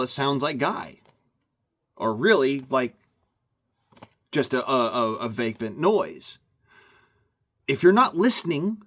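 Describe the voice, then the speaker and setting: A man ranting into the camera for his vlog, emphatic and meandering, often repeating himself. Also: mid-range voice. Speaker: vlogger. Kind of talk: rambling rant to camera.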